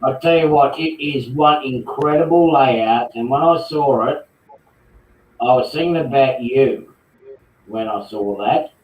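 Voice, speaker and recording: A man's voice: mid-range voice, a little slow, dull audio. Australian man, teasing, far from the mic, echoey room. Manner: teasing, welcoming, repeats himself. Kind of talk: casual group video chat. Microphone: computer mic on a video call.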